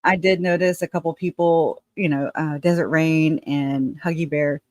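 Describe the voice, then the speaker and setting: A woman's voice: deep voice, fairly even intonation, normal speed, darkish tone, dry recording. Woman, casual live-stream host, chatty, dry close sound. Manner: chatty, laughing often, addresses viewers as y'all.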